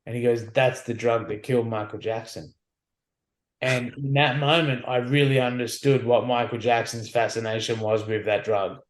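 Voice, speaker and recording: Man, forties, podcast guest, wry, candid, casual storytelling, mid-pitched. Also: little pitch movement, normal speed. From Australia. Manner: candid, wry, peppers speech with "like" and "you know what I mean".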